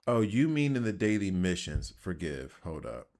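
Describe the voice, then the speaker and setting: A man with a deep, low voice and a Southern accent talks his way through a video game. His commentary is loose and rambling, and he keeps laughing at his own odd tangents. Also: sing-song, normal speed, darkish tone. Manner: rambling, self-deprecating, chatty. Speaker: gaming channel host. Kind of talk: casual gameplay commentary.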